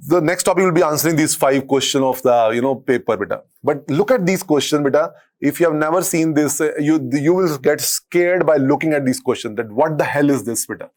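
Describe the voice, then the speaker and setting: Indian man lecturing, husky and deep. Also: darkish tone. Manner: calls students "beta", repeats phrases, dictates notes. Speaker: medical lecturer. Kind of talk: classroom lecture.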